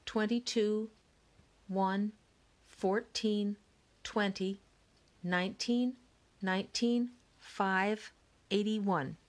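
A woman's voice: mid-range voice, fairly even intonation, extremely slow, pauses often, voice pushed up. A woman reading an audiobook, voicing a small, stubborn young boy who gives blunt, short answers.

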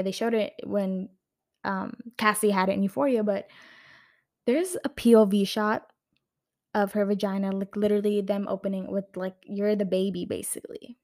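A woman's voice: medium pitch, darkish tone. A young woman ranting casually on her vlog, heated and swearing often, full of fillers and restarts, recorded on a camera mic indoors at home. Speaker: video creator reviewing a film.

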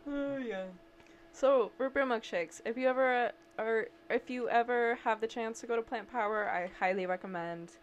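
Animated young woman telling stories. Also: on the high side, normal speed, highs cut off, a little hiss or hum. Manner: animated storyteller, laughs often. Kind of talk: casual chat.

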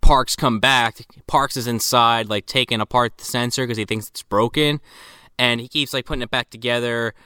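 A man's voice: moderate pace, smooth, no room sound, studio quality. A man co-hosting a casual movie podcast, swearing freely and laughing as he retells scenes. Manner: animated, swearing, breaks into high laughs. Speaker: podcast co-host. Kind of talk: casual movie-review chat.

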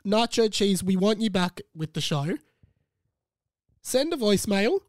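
Sick podcast host, high voice. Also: male voice, unhurried, slight background noise. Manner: animated, playful, rambling. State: sore throat from illness. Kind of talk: casual solo podcast chat.

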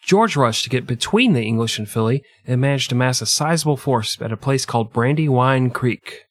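A man's voice: medium pitch, lively intonation, moderate pace, no room sound, clean studio sound. A young man co-hosting a casual comedy history podcast, telling the story with crude jokes and frequent laughter. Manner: joking, crude, laughs often. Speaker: podcast co-host narrating history.

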